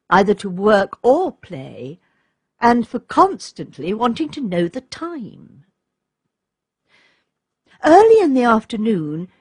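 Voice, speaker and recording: Woman storybook narrator, unhurried, breathy, animated pitch. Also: no room sound, studio quality. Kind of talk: storybook reading.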